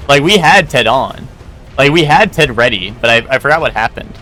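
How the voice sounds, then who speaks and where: A man's voice: medium pitch, animated, moderate pace, pushed and bright, soft background music. A man streaming a game live, chatting casually with a rambling, swearing, laughing manner. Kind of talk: casual live gameplay commentary.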